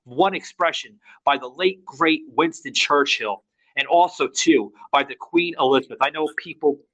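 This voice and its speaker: A man's voice: on the high side, moderate pace, a bit bright, rough recording. A man hosting a podcast in heated political talk, angry, stammering and swearing a lot. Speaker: podcast host.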